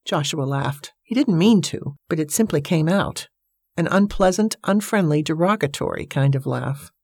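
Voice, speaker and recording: A woman narrating a novel in a steady storytelling manner. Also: sits low, moderate pace, husky, no room sound, clean studio sound. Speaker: audiobook narrator. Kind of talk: scripted narration.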